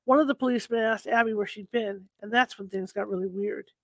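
A man reading ghost stories aloud at a steady pace, now and then stumbling and correcting himself. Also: high voice, fast, no echo, low-quality recording. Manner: steady reading with occasional slips and self-corrections. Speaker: storyteller.

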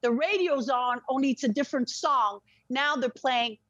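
A woman's voice: high-pitched, moderate pace, fairly bright tone, no room sound, muffled recording. A woman telling an emotional personal story as a podcast guest. She speaks intensely and frankly, swears freely, and often restarts her words.

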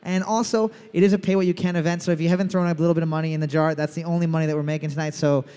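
Loud joking trivia host, echoey hall. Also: male voice, a little high, little pitch movement, rapid-fire, clean tone. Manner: loud, jokey, profane, reads questions twice. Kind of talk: live trivia hosting with crude banter. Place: large brewery room with live crowd. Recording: long echo in a big room.

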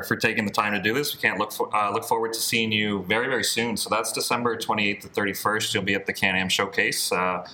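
A man's voice: lowish voice, bright, forceful tone, rough recording. A man from Canada hosting a sports podcast in a chatty, casual way, wrapping up an interview. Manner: chatty, many fillers and restarts. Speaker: podcast host.

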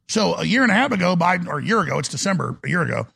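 A man hosting a live call-in talk show, ranting in a fiery, rapid-fire way. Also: high voice, very animated, creaky, sharp tone, slightly rough.

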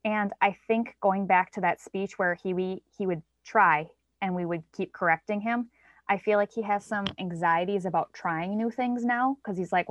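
A woman's voice: medium pitch, moderate pace, no echo. Thirties woman chatting away, acts out what people said, dry kinda dull recording. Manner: chatty, acts out quoted lines in a lifted voice. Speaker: parent guest. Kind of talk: casual conversational storytelling. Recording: dry, slightly dull sound.

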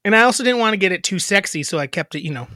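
A man's voice: high-pitched, lively intonation, rapid-fire, bright, forceful tone, no echo, studio quality. A man co-hosting a podcast in casual chat, joking, profane and self-deprecating. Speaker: podcast co-host.

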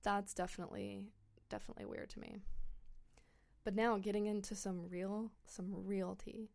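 A woman's voice: mid-range voice, little pitch movement, moderate pace, darkish tone. Chatty gossiping woman podcast host. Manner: chatty and gossipy, with many "like" fillers; incredulous, with short laughs. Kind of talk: casual chat.

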